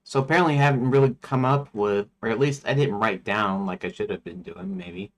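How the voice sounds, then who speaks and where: A man's voice: mid-range voice, lively intonation, brisk. A man streaming his game development, talking casually and thinking aloud as he works, rambling and talking to himself. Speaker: indie game developer livestreaming.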